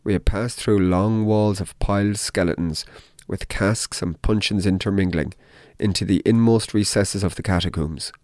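A man narrating a dark tale in the first person, in a measured, deliberate audiobook reading. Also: low-pitched, dry recording, clean studio sound.

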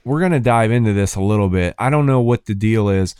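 A man co-hosting a casual podcast, telling lively stories and acting out what people said. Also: on the low side, a little fast, smooth, no room sound, clean studio sound. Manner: animated storyteller, acts out others' lines. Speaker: podcast co-host. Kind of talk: casual chat.

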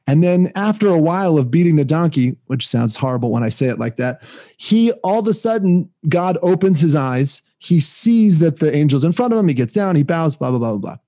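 A man's voice: a little high, animated, fairly quick, dark tone. A man co-hosting a casual faith talk, chatty and laughing often, retelling a scripture story with restarts. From Jewish community, reads weekly Torah portion. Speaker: podcast co-host. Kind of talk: casual conversation about faith.

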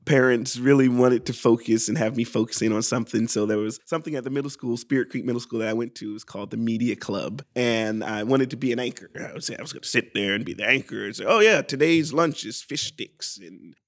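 A man's voice: medium pitch, fairly even intonation, quick pace, few pauses. A young man from Georgia, a guest on a podcast, chatting casually and rambling a little as he tells his story with self-deprecating humor. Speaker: guest improviser.

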